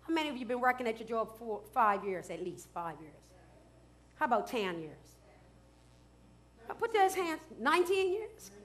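A middle-aged woman pastor preaching a sermon in church, building to shouts and drawing call-and-response from the congregation. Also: a little high, sing-song, normal speed, long pauses.

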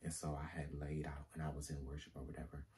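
A very deep, mellow-toned man speaks as a pastor sharing a personal testimony. He keeps it casual and slangy, then lifts into emphatic, preacher-like leaps in pitch. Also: flat delivery, quick pace. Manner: candid, conversational with slang.

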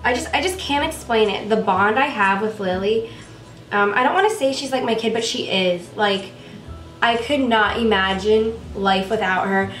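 A woman's voice: medium pitch, moderate pace, a bit bright, reverberant, far from the mic, soft background music. A young woman vlogger chatting in a gushing, rambling way about her pet, with many fillers, recorded on a camera at home.

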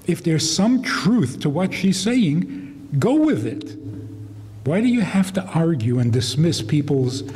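Slow, lively man lecturing in a reverberant hall. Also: a little high. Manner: humorous, wry, laughs at his own stories. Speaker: rabbi lecturer. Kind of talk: storytelling lecture to an audience.

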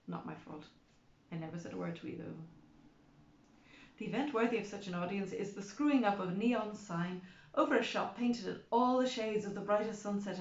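A woman narrating an audiobook in the first person, with a wry, chatty manner. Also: mid-range voice. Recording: roomy, slightly dull recording.

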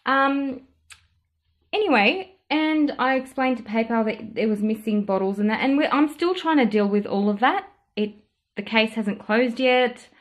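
A woman vlogger retells a story in a lively, indignant way and plays out both sides of the exchange. Her voice sits a little high for a woman. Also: unhurried. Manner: animated, indignant retelling with quoted dialogue. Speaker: perfume vlogger. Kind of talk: casual storytelling vlog.

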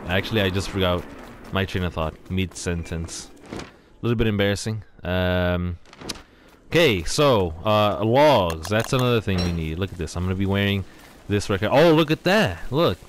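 Low-voiced chatty gaming commentator. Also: male voice, lively intonation, normal speed, slight background noise. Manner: chatty, rambling, exclaims often. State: slightly out of breath. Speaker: gameplay commentator. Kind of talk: casual let's-play commentary.

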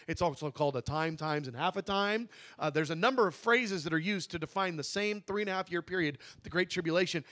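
A man teaching a Bible session in a conversational way, slowing down to stress key words and correcting himself as he goes. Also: high-pitched, a bit bright. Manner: conversational, with asides and self-corrections.

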